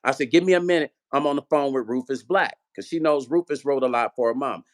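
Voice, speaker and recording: Talking fast in a medium-pitched voice, a man who is a musician and vlog host spins a lengthy tale for his channel. He's animated, voices every bit of quoted dialogue, and keeps the profanity flowing.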